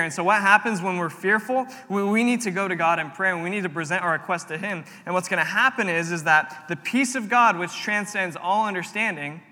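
Earnest young preacher in a reverberant hall. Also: male voice, high voice, sharp tone. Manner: earnest, personal storytelling with repeated phrases. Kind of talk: sermon. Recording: long reverb of a large room.

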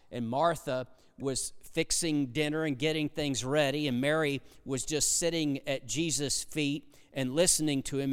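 A pastor preaching a sermon, swinging between hushed, low passages and loud, emphatic ones. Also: male voice, clean tone. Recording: long hall reverb.

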